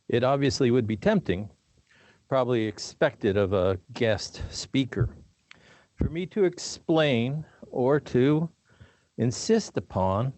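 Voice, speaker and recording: An older man giving a formal commencement address in a measured, deliberate way with dry humor. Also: medium pitch, darkish tone, no echo. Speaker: commencement speaker.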